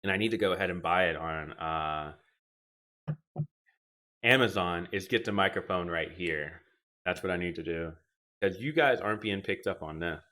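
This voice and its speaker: On a casual live stream from his home gaming rig, a young man rambles into a desk mic, his deep voice carrying a bright, forceful edge. He moves at a moderate pace, pausing often as he drifts between viewer comments.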